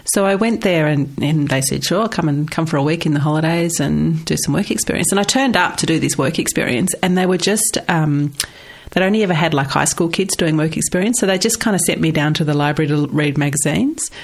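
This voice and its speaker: An Australian woman in her forties with a husky voice from a cold, telling animated stories in casual conversation as an interview guest. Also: sits low, fairly quick. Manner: animated storytelling, laughs often.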